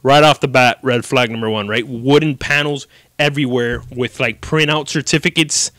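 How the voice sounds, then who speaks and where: A man's voice: mid-range voice, steady tone, normal speed, a bit bright, no room sound. A young man, hosting a casual solo podcast and telling stories in a profane, jokey way. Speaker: podcast host.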